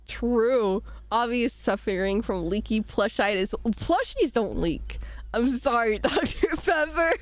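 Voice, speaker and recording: A woman's voice: fairly high pitch, animated, takes it slowly. A young woman streaming while sick, chatting casually and rambling between giggles as she reads chat aloud. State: sick, voice rough.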